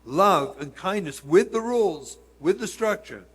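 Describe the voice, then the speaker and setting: A man's voice: sits high, lively intonation, unhurried, fairly bright tone, breathy edge, big-room sound. A man, a rabbi, giving an earnest storytelling lecture and speaking directly to his listeners.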